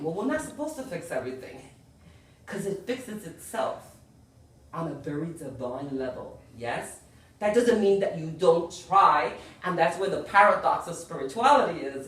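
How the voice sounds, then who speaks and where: A woman's voice: on the low side, lively intonation, moderate pace, a little hiss or hum. A woman giving a spiritual lecture to a group, earnest, often checking in with "yes?" and "you know". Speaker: spiritual teacher. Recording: very echoey room, far from the mic.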